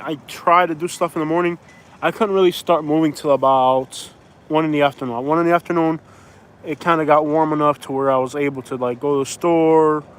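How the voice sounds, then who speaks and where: A man from Florida hosting a casual livestream outdoors, rambling and chatting with viewers. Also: on the high side. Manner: rambling, chatty, reads viewer comments aloud. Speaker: livestream host. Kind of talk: casual live chat. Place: outdoors in a suburb. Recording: faint outdoor traffic noise.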